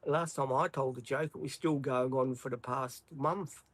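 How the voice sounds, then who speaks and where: A man's voice: medium pitch, steady tone, moderate pace, no room sound, low-quality recording. An Australian man hosting a livestream, chatting casually, apologetic and rambling with many ums. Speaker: livestream host. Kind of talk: casual live-stream chat.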